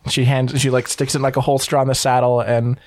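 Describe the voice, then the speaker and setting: A man's voice: mid-range voice, flat delivery, fast talker, a little mellow. A man narrating as game master of a tabletop game in a loose, casual way. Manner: loose, filler-heavy narration.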